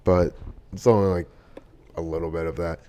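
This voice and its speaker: A man's voice: sits low, fairly even intonation, normal speed, warm tone. A young man, hosting a casual podcast chat and telling stories loosely, with swearing and laughter. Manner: loose, profane, laughing storytelling. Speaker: podcast host.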